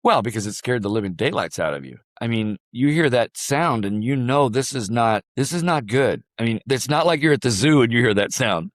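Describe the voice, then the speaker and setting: An older man from Illinois tells a story as a podcast guest, taking his time and voicing the other people in it. His voice sits at a medium pitch. The sound is close and dry, with no room echo. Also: animated. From Illinois, USA. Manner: vivid, unhurried storyteller who acts out quoted dialogue. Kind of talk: storytelling in a conversation.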